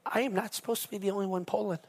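A man's voice: high voice, fairly even intonation, very fast, slightly rough. A pastor preaching a sermon earnestly, often repeating words as he builds momentum.

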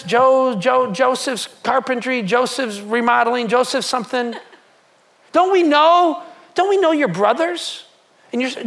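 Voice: high voice, creaky, fairly bright tone, full character voice. A preacher voicing a skeptical hometown crowd, firing incredulous, mocking questions in a slightly raised voice.

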